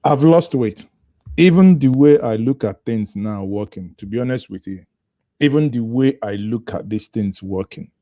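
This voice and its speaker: A man's voice: mid-range voice, animated, normal speed, warm tone, dry recording. A male commentator reacting to a clip with sarcastic, chatty asides. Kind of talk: casual commentary.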